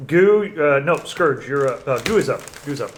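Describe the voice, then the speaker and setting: A man's voice: medium pitch, animated, moderate pace, a little hiss or hum. Self-correcting male game master. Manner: counts dice aloud, corrects himself mid-sentence. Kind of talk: running a tabletop game.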